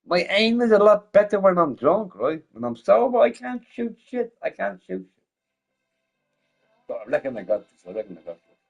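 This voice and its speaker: A man's voice: high-pitched, sing-song, moderate pace, creaky. A drunk man rambling and joking crudely while streaming a game. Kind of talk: casual stream chat.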